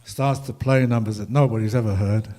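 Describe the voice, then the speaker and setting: A man's voice: fairly low pitch, steady tone, a little fast, mellow. An older man telling rambling, humorous stories to an audience, with many fillers. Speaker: ragtime musician speaking at a festival. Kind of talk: anecdotal talk to an audience.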